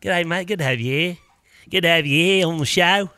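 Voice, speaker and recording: A man's voice: on the high side, a little fast, bright, forceful tone, no echo, clean studio sound. A man in his fifties hosting a live music stream, chatting in a playful, goofy, rambling way. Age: 50s. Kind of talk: casual live-stream chat.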